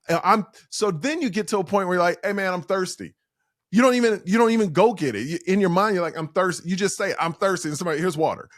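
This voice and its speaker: A man's voice: high voice, no echo, studio quality. A man, a comedian guest, telling stories on a podcast over a video call, acting out the voices of people in his stories. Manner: animated, acts out quoted dialogue. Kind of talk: storytelling in a podcast interview.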